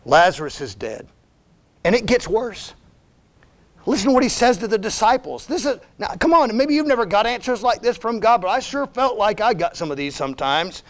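Man, high voice, emphatic conversational church sermon from a visiting missionary preacher. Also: sing-song, moderate pace. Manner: emphatic, conversational, keeps urging "listen" and "come on now". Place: church sanctuary.

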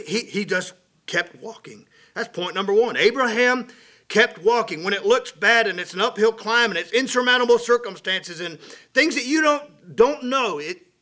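A middle-aged man preaching a sermon, folksy and animated, swinging between loud and quiet. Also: very high-pitched. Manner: folksy, animated preaching with rising and falling volume.

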